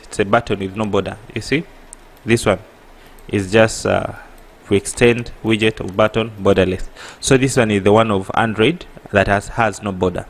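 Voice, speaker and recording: A man with an East African accent teaching an app coding tutorial, halting and correcting himself, often pausing with a rhetorical "what?". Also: on the low side. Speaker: programming tutor. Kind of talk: screen-recorded coding tutorial.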